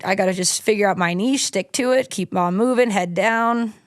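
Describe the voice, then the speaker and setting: Woman in her thirties, easygoing guest, mid pitch, close dry mic. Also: normal speed, no room sound. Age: 30s. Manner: self-deprecating, laughs easily. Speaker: guest snowboarder. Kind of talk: casual interview chat.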